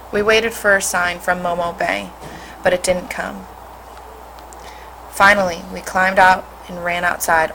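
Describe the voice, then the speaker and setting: Lower-voiced woman reading a story aloud. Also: a bit bright, slight background noise, low-quality recording. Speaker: teacher.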